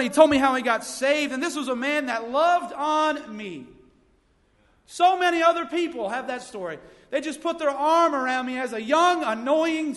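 In a church sanctuary, a young youth pastor preaches an energetic sermon full of funny stories. His voice is very high and fairly bright, carried by the long reverb of the church hall.

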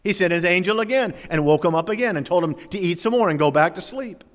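A man preaching a sermon in a church, swinging between loud emphasis and quiet drops. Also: sits high, fast talker. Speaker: pastor. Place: church sanctuary. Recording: long church hall reverb.

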